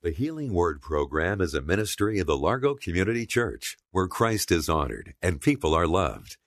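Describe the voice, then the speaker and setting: Deep guy announcing a radio ministry show, lively delivery, music under it. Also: dry recording. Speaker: program announcer. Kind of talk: scripted announcement. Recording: music bed behind voice.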